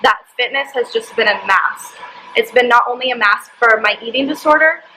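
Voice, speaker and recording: A young woman tells a personal story to camera in a bright, fairly high voice. She talks candidly and emotionally, dropping in "like" often. A faint hiss sits under the recording. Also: normal speed, rough recording. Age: young adult. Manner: candid, emotional, frequent "like" fillers. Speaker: vlogger.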